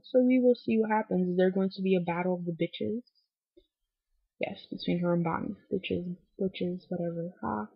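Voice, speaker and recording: Talking a little fast in a steady tone, a young woman runs through an episode recap, swearing freely, saying "like" constantly and voicing quoted lines. Her husky, gravelly voice seems slightly drained, like she's unwell, and the webcam audio is dry, close, dull and lo-fi.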